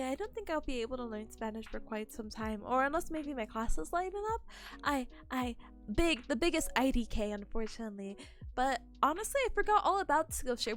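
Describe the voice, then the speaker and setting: Bubbly high-voiced young woman, chatty. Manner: bubbly, chatty, laughs often. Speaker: student streamer. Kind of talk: casual study stream chat. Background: soft lofi music.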